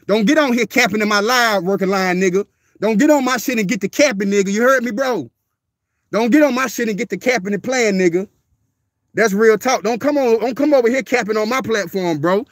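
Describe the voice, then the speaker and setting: A man's voice: sits high, a bit bright, no echo, studio quality. A man, a dog breeder ranting on a livestream in a profane, confrontational way, repeating himself as he calls out a viewer. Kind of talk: livestream rant.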